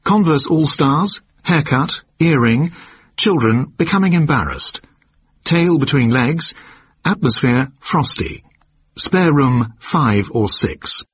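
Man doing a slow, clipped narrator. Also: a little high, lively intonation, dull audio, a little hiss or hum.

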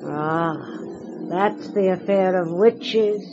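An eerie old witch in her cottage, cryptic and teasing. She drags out every phrase with great slowness, her pitch swooping in a sing-song way. The old recording is muffled, with a clear hiss of noise underneath. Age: older. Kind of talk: radio drama acting.

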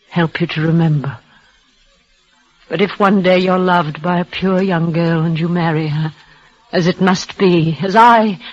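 Marguerite, a tremulous dying young woman. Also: on the low side. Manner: breathless, tremulous, halting. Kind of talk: vintage radio drama acting. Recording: dull old radio recording.

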